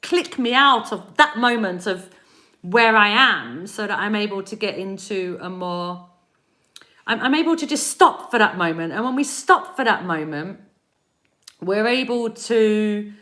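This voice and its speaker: A woman energy healer giving a live-stream spiritual reading, animated and encouraging, laughing often as she talks straight to her viewers. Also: mid-range voice. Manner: speaks directly to chat viewers.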